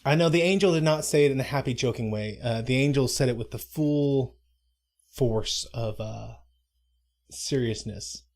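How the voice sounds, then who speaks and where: This man co-hosts a live stream, giving loose, casual commentary full of self-interruptions and over-the-top mock drama. He speaks at a moderate pace in a mid-range, somewhat dark voice.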